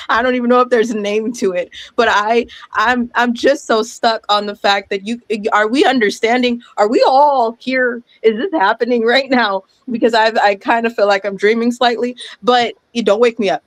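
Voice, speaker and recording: Loud, emotional woman in her thirties. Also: on the high side, fairly even intonation, normal speed, no echo. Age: 30s. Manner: emotional, loud and laughing, apologetic. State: sweating, overwhelmed. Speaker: guest speaker. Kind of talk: impassioned speech.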